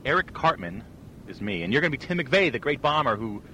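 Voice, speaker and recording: A man's voice: medium pitch, sing-song, fairly quick, sharp tone, slight background noise, low-quality recording. A man hosting casual comic banter, rambling and laughing as he sets up bits. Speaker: host.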